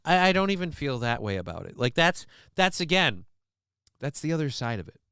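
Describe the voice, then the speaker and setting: A male host rambles through casual commentary, swearing and trailing off with fillers. His voice is bright and smooth. The sound is dry and close. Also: on the high side, very animated, fairly quick, no echo. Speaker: show host.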